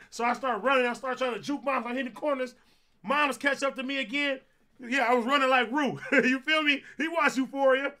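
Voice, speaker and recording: A young man from Compton, a streamer host telling a story in an animated, profane way and acting out what people said. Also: very high-pitched, brisk. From Compton, California. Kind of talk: casual storytelling on a livestream.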